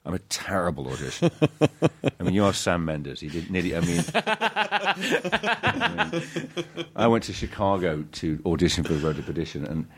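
A middle-aged man, an actor telling stories in an interview, halting and self-deprecating with many restarts. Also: low voice, slightly rough. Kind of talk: casual interview storytelling.

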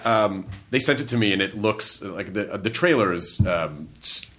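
Rambling American talk show host. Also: male voice, lowish voice, lively intonation, fairly bright tone. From United States. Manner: rambling, halting restarts, laughs often. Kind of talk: casual chat.

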